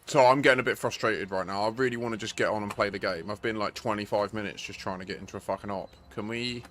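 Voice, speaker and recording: A man's voice: fairly low pitch, steady tone, fast talker, fairly bright tone, faint music behind. A young man streaming a game, talking to his squadmates and swearing as he gets exasperated. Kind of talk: live gameplay chat with squadmates.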